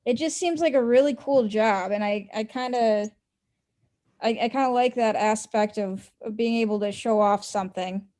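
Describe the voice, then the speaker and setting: A woman's voice: fairly high pitch, moderate pace. Hesitant young woman on a call. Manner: hesitant, many ums, laughs softly. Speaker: student. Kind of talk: casual video-call discussion. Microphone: video call.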